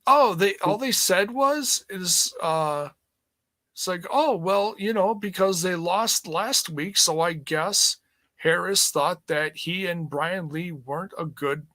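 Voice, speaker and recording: A man co-hosts a wrestling podcast, rambling through his points and laughing along. His voice is fairly high and bright, with a forward edge. It is recorded close and dry. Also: takes it slowly, dry recording. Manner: chatty, rambling, laughs often. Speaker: podcast co-host. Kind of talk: casual wrestling review chat.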